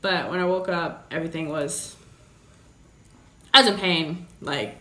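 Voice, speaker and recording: Young woman vlogger, lower voice, roomy echo, frank and profane storyteller. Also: a little slow, pushed and bright. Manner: blunt, profane, and joking about a serious story. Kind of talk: candid storytime. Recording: roomy echoey room.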